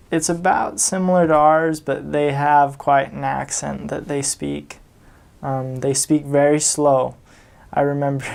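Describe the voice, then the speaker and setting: A man's voice: fairly high pitch, creaky, darkish tone. A young man from the United States, a returned missionary, casually telling stories with chuckles and fillers. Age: young adult. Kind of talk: casual storytelling.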